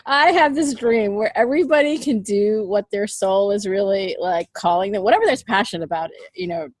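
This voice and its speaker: A woman in casual chat, speaking in an earnest, halting way with many fillers. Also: mid-range voice, no echo.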